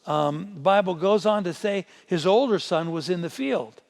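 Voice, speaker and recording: Male pastor, sermon, gravelly, slightly high voice, emphatic retelling. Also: expressive, moderate pace, darkish tone, big-room sound. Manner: retells scripture in an emphatic, conversational preaching voice. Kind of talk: midweek sermon with scripture reading.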